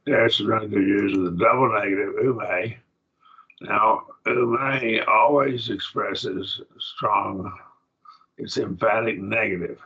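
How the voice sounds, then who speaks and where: A plainspoken, folksy man, a preacher, teaching a slow Bible Greek grammar lesson to a class. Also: lowish voice, gravelly, sharp tone, slightly rough. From rural. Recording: dull lo-fi classroom recording.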